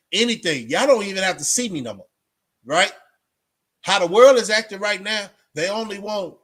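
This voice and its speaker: Man, middle-aged, preachy straight talk, repeats points, higher-pitched voice. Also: a bit bright. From Texas. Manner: preachy, emphatic, repeats himself. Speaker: vlogger. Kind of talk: casual straight-talk monologue.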